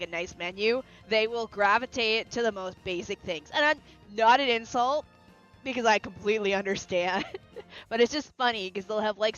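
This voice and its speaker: Giggly young woman streamer. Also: medium pitch. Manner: animated, giggly, swears casually. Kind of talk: casual livestream chat. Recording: lo-fi with faint music.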